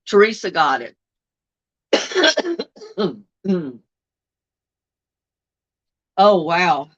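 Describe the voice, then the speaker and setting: An older woman with a drawl hosts a trivia stream and reads out questions in an unhurried, chatty way. She answers what viewers type into the chat. The sound is muffled and lo-fi, like home stream audio. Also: on the low side, lively intonation. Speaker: host.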